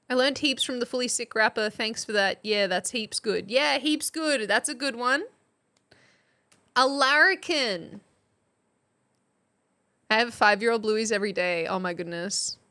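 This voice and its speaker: A woman's voice: on the high side, a little slow, pauses often, bright, forceful tone. An Australian woman chatting casually on a live stream, quizzing her chat like a teacher. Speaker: substitute streamer.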